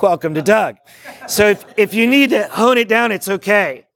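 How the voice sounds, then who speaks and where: Excitable high-voiced man leading a workshop. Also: normal speed, creaky. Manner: excitable, rambling, jokey, preacherly. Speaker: workshop speaker on discipleship. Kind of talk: live workshop talk to a group. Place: meeting room with a live audience.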